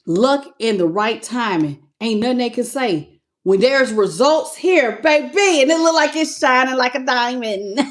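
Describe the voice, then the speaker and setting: A woman reading tarot cards live on her channel, greeting viewers by name and calling them baby with animated excitement. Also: a little high, a little slow. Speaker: tarot reader.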